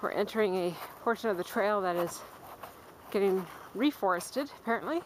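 A woman's voice: medium pitch, normal speed. A woman narrating her hike on camera, chatty and calling out to her dogs, recorded outdoors on a trail with a handheld camera mic. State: panting. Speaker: vlogger filming a hike. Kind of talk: casual hiking vlog narration. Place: outdoors on a forest and dune trail. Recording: outdoor camcorder audio with steady background noise.

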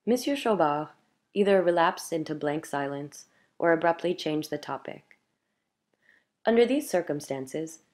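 Low-voiced woman narrating a classic story. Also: darkish tone. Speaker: audiobook reader.

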